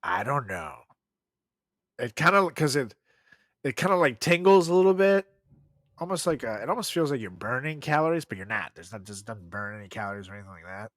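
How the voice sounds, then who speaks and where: A male podcast host talks in a loose, crude, joking way, with lots of laughter and filler words. His voice is bright and animated, and the pitch swings widely. The recording is dry and close. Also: a little fast, dry recording. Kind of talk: casual comedic chat.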